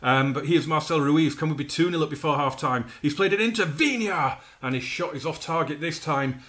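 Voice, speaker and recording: A man casually narrating his own football management game, with chatty asides and sudden excited outbursts over the action. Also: fairly high pitch, brisk. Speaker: gaming YouTuber. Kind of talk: commentating his own video game playthrough.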